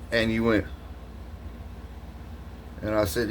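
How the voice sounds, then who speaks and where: Vlogger guy, lowish voice, rambling and slangy, laughs a lot, faint hiss behind. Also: takes it slowly, long pauses. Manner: animated, laughs often, slangy, lots of restarts. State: just woke up from a nap. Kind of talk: rambling casual monologue to camera.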